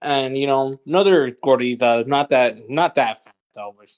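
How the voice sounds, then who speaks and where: A man's voice: mid-range voice, moderate pace. A man from the Rio Grande Valley in Texas, co-hosting a comedy podcast and telling a story in a laid-back, hesitant way. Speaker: podcast co-host.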